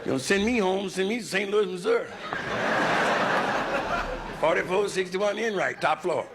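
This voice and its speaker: A man's voice: high-pitched, normal speed. A man doing a crude, conversational stand-up routine on a nightclub stage in front of a live audience. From United States. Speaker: stand-up comedian. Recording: live club recording with hiss.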